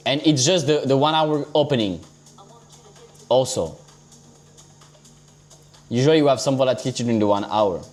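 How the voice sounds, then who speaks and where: Brief: male streamer talking through charts, relaxed and profane, medium pitch, quiet music bed. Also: moderate pace, long pauses. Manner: loose, chatty, swears casually, talks to viewers as guys and bro. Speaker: livestream crypto trader. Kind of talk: casual live-stream chart commentary.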